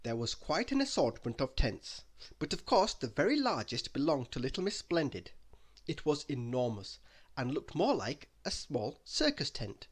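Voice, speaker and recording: A man reading a children's bedtime story aloud in an expressive storytelling manner. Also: medium pitch, normal speed, husky. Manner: expressive, sing-song storytelling.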